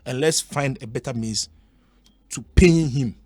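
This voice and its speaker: A man's voice: mid-range voice, unhurried, darkish tone, dry recording. A man with a Ghanaian accent arguing a point on a sports radio show, mixing Twi and English.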